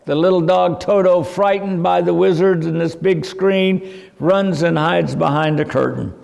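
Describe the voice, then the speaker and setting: Man giving a religious seminar lecture, high voice, gravelly, reverberant hall. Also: steady tone, measured pace, a little mellow. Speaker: seminar teacher.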